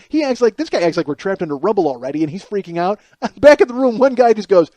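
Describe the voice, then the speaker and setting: A man's voice: high voice, expressive, fast talker, hardly any pauses, darkish tone, dry recording. A man hosting a podcast, talking in a casual, rambling, self-deprecating solo monologue into a close mic. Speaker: podcast host and stand-up comedian.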